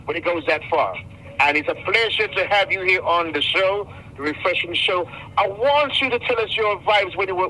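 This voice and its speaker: A man's voice: sits high, pushed and bright, a little hiss or hum, poor audio. A male radio host who interviews a guest, often stumbling and repeating his words.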